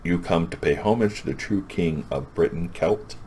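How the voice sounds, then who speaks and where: A man's voice: sits low, normal speed, dark tone, slightly rough. A man voicing a proud, commanding undead ancient king who speaks in formal declarations.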